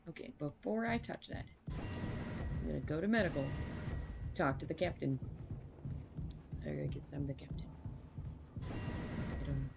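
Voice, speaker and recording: A woman's voice: low voice, wildly swooping pitch, a little slow, creaky, long pauses, over music. Woman casually commenting on a game. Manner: casual, swearing, laughing asides. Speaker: gamer. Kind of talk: let's-play commentary.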